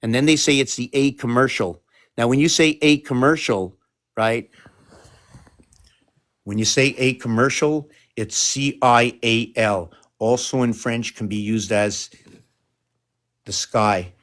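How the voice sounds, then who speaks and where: A man's voice: mid-range voice, measured pace, long pauses, a bit bright. A man giving a rambling solo monologue to camera, wandering between thoughts with restarts and asides, and at times coaxing his cat. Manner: wandering, stream-of-consciousness, frequent restarts and asides. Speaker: video creator.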